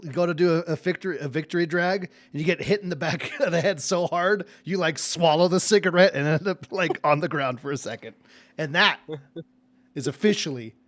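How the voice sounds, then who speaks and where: A young man as dungeon master wrapping up a live tabletop game stream, excitable, laughing and swearing freely. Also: on the high side.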